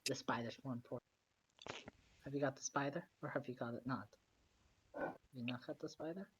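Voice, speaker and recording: A woman's voice: a bass voice, fairly even intonation, a little fast, a little hiss or hum. A woman playing a tabletop role-playing game, cheeky and teasing. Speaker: player. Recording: dull lo-fi mic.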